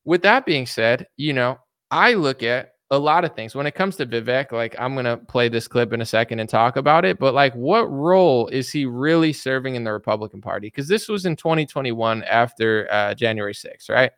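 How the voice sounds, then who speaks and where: A man's voice: medium pitch, lively intonation, moderate pace, hardly any pauses, a bit bright, clean tone, dry recording, studio quality. A man giving casual political commentary in a blunt, mocking way, rambling with restarts.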